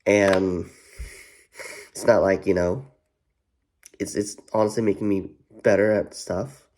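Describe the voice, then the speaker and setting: A man's voice: deep voice, fairly even intonation, slow, a little mellow. A man vlogging in a rambling, profane way, full of "you know what" fillers and repeats. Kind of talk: casual rambling commentary.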